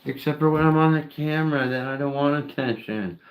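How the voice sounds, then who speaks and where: A man voicing an attention-hungry pet house cat, with a high, sing-song meowing manner. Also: a little fast, roomy sound, recorded from a distance, lightly acted, poor audio. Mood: needy.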